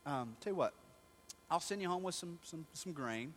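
A man's voice: a little high, animated, normal speed, breathy edge. A male preacher voicing a stern male ruler who accuses his brothers of spying. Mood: scheming.

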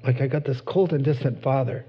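A man preaching a sermon in an animated way, acting out short voices and rising to excited high peaks. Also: brisk, breathy edge. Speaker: pastor. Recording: dull lo-fi sound.

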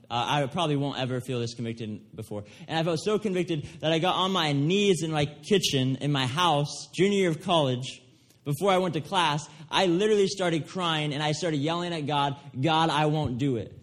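A young man giving an earnest, emphatic sermon, often checking in with his listeners. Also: a little high. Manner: earnest, emphatic preaching with restarts and "right?" asides. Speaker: pastor.

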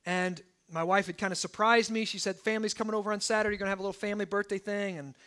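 A pastor in his thirties preaches to his church, mixing scripture with lively personal stories. His voice sits very high for a man and rings bright and forceful, and he keeps checking in with his listeners. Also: rapid-fire. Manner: animated storytelling, asides like "okay?".

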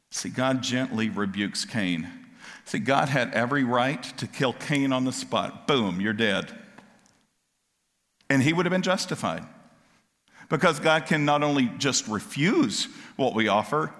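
Male preacher, bright and forceful, moving between soft asides and loud fervent questions, hall reverb. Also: medium pitch, expressive, measured pace. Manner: swings from quiet asides to loud impassioned preaching. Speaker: pastor. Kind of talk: sermon.

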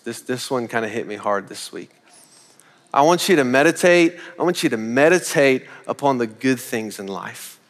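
A man's voice: medium pitch, fairly bright tone. A male pastor delivers an earnest sermon in a mid-range voice. He repeats his key points and poses rhetorical questions to the congregation. His voice carries a long reverb through the church hall.

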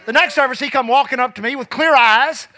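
A man preaching a sermon in church, fervent and rising to shouts, dropping low and quiet when telling his past. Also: fairly quick.

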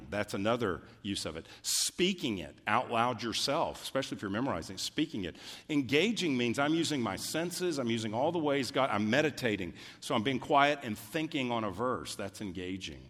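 A man preaching a sermon as pastor, conversational and emphatic, with sudden loud peaks. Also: lowish voice. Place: church sanctuary. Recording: long hall reverb from a church.

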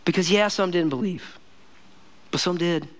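A man with a notably high voice preaches a relaxed, conversational sermon as a pastor. He repeats key phrases for emphasis and keeps turning to the congregation with "listen to me" and "man.". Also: normal speed. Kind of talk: casual sermon.

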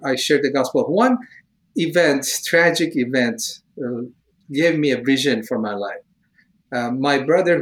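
A man's voice: medium pitch, low-quality recording. A man from Iran, telling his personal testimony in an interview in earnest, emotional, slightly broken English. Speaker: evangelist guest.

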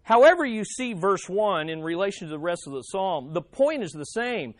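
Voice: medium pitch, very animated, moderate pace, no room sound. A pastor preaching a sermon on a psalm, emphatic, repeating key phrases and calling for amens.

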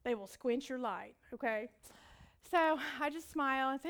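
Bright, high-voiced woman preaching animatedly. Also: moderate pace, clean tone. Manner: animated storytelling with frequent audience prompts; laughs often. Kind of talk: sermon.

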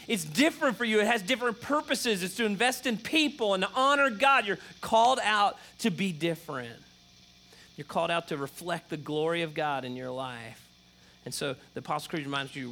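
Middle-aged pastor preaching, keeps saying okay, fairly high voice. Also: male voice, pushed and bright, slight background noise. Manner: emphatic, repetitive preaching with frequent "okay?" check-ins. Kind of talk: sermon.

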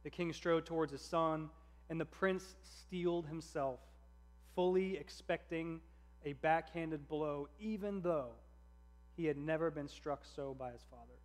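A man reading a story aloud in a measured, earnest narration. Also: fairly high pitch.

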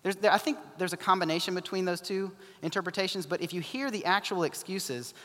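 A man's voice: high-pitched, brisk, bright, forceful tone. Preaching man in a reverberant hall. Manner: conversational preaching, acting out voices in quoted asides. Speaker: pastor. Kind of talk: sermon.

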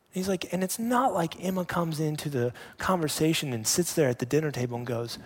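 A man in his thirties, a pastor preaching a sermon with animated storytelling that drops to hushed emphasis. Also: fairly high pitch, a little fast, few pauses, husky.

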